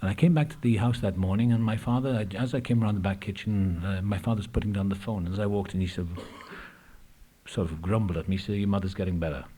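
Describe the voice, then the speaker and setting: A man's voice: fairly low pitch, fast, mellow, slightly rough. A man telling his recovery story at a meeting, candid and reflective, with frequent hesitations. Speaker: AA speaker. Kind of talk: personal recovery talk. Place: meeting room.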